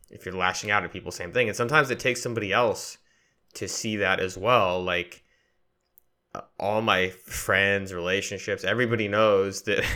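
A man co-hosting a podcast, chatting in a relaxed, self-deprecating way. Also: on the low side. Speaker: podcast co-host. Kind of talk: casual podcast chat.

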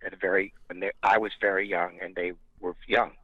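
A man's voice: low voice, a little fast, phone-quality sound. A male rock frontman from California telling stories in a casual interview, acting out what others said and swearing freely. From Montebello, California. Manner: animated storyteller, acts out quoted voices, swears casually. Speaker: rock band frontman, guest.

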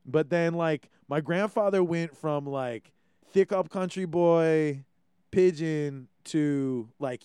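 A man from Hawaii, hosting a casual podcast chat in an animated, swearing way. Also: on the high side, slow, smooth, no room sound, studio quality. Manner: animated, swearing, many restarts. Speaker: podcast host.

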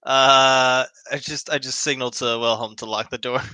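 A man's voice: medium pitch, moderate pace, clean tone, no room sound, poor audio. A man playing a tabletop game, chatting casually and animatedly. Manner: animated, laughing easily. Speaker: player.

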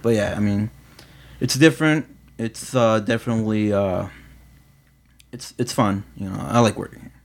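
Casual male coworker, low voice, rambling and filler-heavy. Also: moderate pace, vocal fry, pauses often. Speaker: employee. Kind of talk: casual chat.

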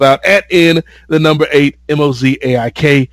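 A man's voice: a little high, normal speed, fairly bright tone, dry recording. Joking man plugging podcasts, dry close sound. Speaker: podcast guest and host of other shows. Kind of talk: casual podcast chat.

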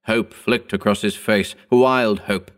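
A man narrating a horror story as an audiobook, measured and slowing for grim details. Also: lowish voice, fairly even intonation.

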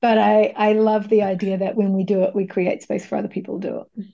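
A woman's voice: mid-range voice, flat delivery, quick pace, creaky, dark tone, lo-fi sound. A woman with a New Zealand accent, speaking frankly and expressively as a podcast guest and coach, with some casual swearing. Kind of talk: candid podcast conversation.

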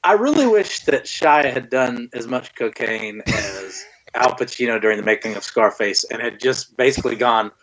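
A man's voice: medium pitch, expressive, moderate pace, few pauses, a bit bright, poor audio. A man co-hosting a casual movie review podcast, talking in a rambling, sarcastic way with lots of swearing. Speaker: podcast co-host.

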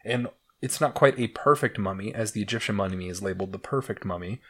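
A man's voice: fairly low pitch, fast, fairly bright tone. Joking young man on a casual podcast. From Utah. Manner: joking, crude, laughs often. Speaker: podcast co-host.

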